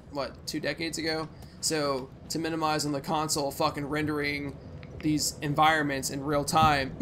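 A young man hosting a let's play, giving rambling, profane gameplay commentary with sudden loud outbursts. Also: on the high side, a little hiss or hum.

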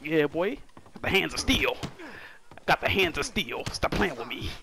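A man's voice: a little high, sing-song, moderate pace. A man, a gaming streamer doing casual commentary, joking trash talk and laughing often.

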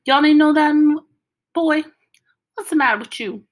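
A woman reading an audiobook, voicing a middle-aged father who puts on a teasing, exaggerated Southern hillbilly drawl. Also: natural voice. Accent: put-on American Southern drawl. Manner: joking, exaggerated, high and drawn-out.

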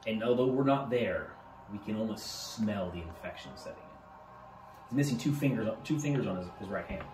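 A man narrating a tabletop game as game master, halting now and then and repeating words. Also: lowish voice, a little mellow. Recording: roomy, distant mic, faint music.

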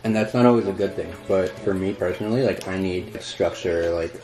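Playful young man with a deep voice. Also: a little fast, darkish tone, reverberant, faint music behind, poor audio. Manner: playful, joking. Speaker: guest friend. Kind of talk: casual chat.

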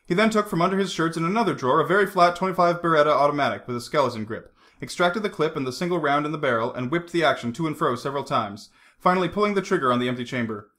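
A man reading a novel aloud as a hobby audiobook narrator, in a lively, animated way. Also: a little high, very fast. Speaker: audiobook reader.

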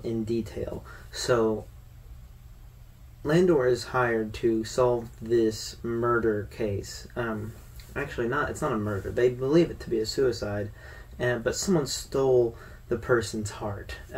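A man's voice: medium pitch, recorded from a distance, slight background noise. A man giving a casual, rambling film review to his viewers, with fillers and restarts. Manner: conversational, loose with fillers and restarts.

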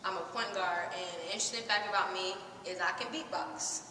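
A woman's voice: fairly low pitch, fairly even intonation, a little fast. A young woman, a college point guard, introducing herself in a matter-of-fact way. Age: young adult. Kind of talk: self-introduction to camera. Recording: echoey hall, distant mic, noisy.

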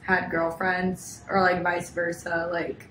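A woman's voice: lowish voice, monotone, slow, a bit bright. Young female co-host, playful and teasing, echoey room with a faint background hum. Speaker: podcast co-host. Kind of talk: casual chat.

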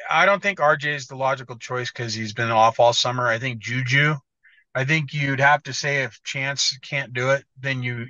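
A man's voice: mid-range voice, sharp tone, dry recording, highs cut off. An American man talking as a guest in casual podcast chat, blunt and swearing freely, often stumbling over restarts. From United States. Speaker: guest motocross editor.

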